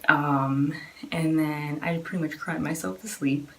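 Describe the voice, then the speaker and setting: A woman's voice: low voice, steady tone, a little slow. A woman in her twenties casually telling a personal story, chatty and full of fillers, acting out what others said. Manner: chatty, many fillers, acts out quoted voices.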